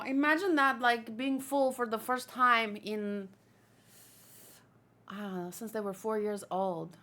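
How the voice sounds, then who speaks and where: Bright, chatty woman streamer. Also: on the high side, steady tone, unhurried. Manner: rambling, chatty, swears casually. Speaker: streamer reading manga aloud. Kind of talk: casual manga read-along commentary.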